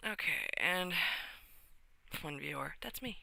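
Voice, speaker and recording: A livestreamer chatting casually at home in the morning, often soft and half-whispered. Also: mid-range voice, animated, slow pace, vocal fry, no room sound. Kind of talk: casual live-stream chat.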